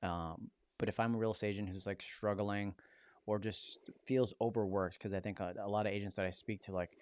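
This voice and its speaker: A man's voice: on the low side, steady tone, fairly quick, a little mellow, clear, resonant tone, no room sound. A man with a Rochester, New York accent hosting a casual interview, upbeat and asking questions with repeated words. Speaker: host.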